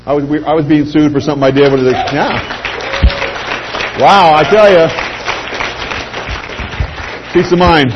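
A middle-aged man giving an anecdotal pitch speech to a live audience, telling lively stories and acting out quoted voices. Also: measured pace, pauses often, a crowd in the background. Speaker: speaker addressing a sales audience. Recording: dull lo-fi recording with faint hum.

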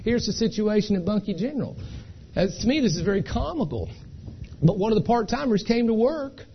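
At an identity theft seminar, a man addresses the audience in a folksy, storytelling way, often pausing to ask "okay?" His high voice is sing-song and fairly quick, and the muffled recording carries a little hiss or hum.

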